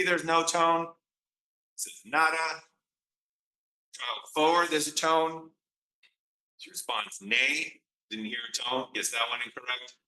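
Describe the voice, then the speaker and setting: A man's voice: mid-range voice, pushed and bright, echoey room, recorded from a distance, rough recording. A man giving a recorded psychology lecture, explaining step by step and acting out examples. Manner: explanatory, acts out examples with quoted replies.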